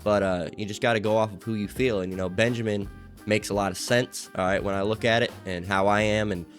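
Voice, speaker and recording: A man's voice: lowish voice, fairly even intonation, fairly quick, faint music behind. A man rambling in casual commentary as he reads out online comments, full of fillers and swearing, at times getting heated.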